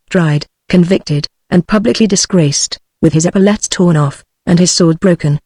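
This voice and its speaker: A text-to-speech voice reading a novel aloud in an even, mechanical manner with occasional odd mispronunciations. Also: mid-range voice, dry recording. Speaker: audiobook narrator.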